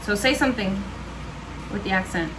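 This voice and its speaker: A woman's voice: medium pitch, moderate pace, noisy background. A woman chatting casually on her home vlog, answering questions with lots of fillers and laughs. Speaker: vlogger. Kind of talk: casual chat.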